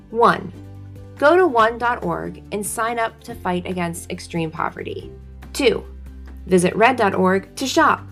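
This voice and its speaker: Woman, upbeat scripted read, announcer-like, faint music underneath. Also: mid-range voice. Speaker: podcast co-host reading a charity spot.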